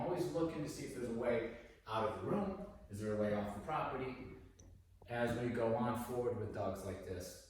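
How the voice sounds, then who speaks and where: A man working as a dog trainer, explaining his methods casually during a session and breaking into high, excited praise for the dog. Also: distant mic, slight background noise. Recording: echoey room, voice from off the mic.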